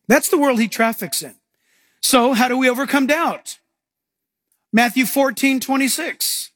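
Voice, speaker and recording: A man preaching a sermon as pastor, animated and acting out scenes for his congregation. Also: extremely high pitch, measured pace, no room sound, studio quality.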